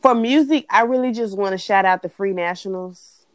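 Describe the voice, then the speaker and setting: A young woman co-hosting a casual chat, blunt and animated, swearing freely as she rants. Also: mid-range voice, moderate pace, clean tone, no echo. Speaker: podcast co-host.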